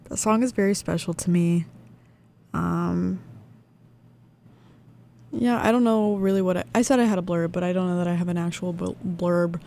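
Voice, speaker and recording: A woman's voice: lowish voice, steady tone, moderate pace, creaky, long pauses, dark tone. A woman radio DJ chatting casually between songs, rambling a little with many fillers and restarts.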